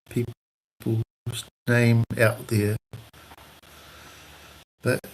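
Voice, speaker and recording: A man's voice: medium pitch, slight background noise, poor audio. A man, a guest on a casual livestream, talking indignantly and swearing a lot.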